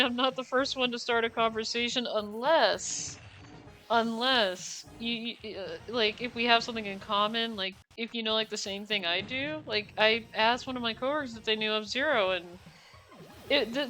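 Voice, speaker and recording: A young woman with a high, bright voice talks casually while she plays a racing game on stream. She rambles with many fillers and laughs often as she apologizes. Game music plays faintly behind her. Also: poor audio. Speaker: gaming streamer. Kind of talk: casual live-stream chat while playing.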